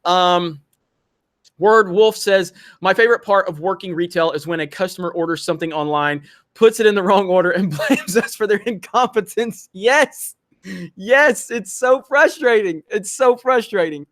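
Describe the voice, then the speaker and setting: A man's voice: high voice, moderate pace, fairly bright tone, no room sound, clean studio sound. A man hosting a livestream, ranting animatedly in casual, profane chat. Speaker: livestream host.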